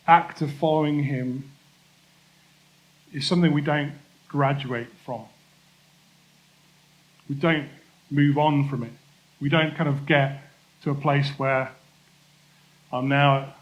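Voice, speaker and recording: A man preaching a church sermon in a conversational, self-deprecating way, slowing down to stress key points. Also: medium pitch, highs cut off. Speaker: pastor.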